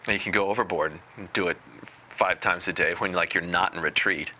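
A man giving a spiritual talk as a meditation teacher, unhurried and deliberate with a gently playful touch. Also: low-pitched.

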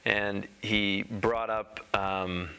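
A man giving a Dharma talk in a halting, conversational way, pausing often and restarting sentences. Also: lowish voice, level tone, creaky, bright, forceful tone, smooth. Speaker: Dharma teacher. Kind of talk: Dharma talk with personal anecdote.

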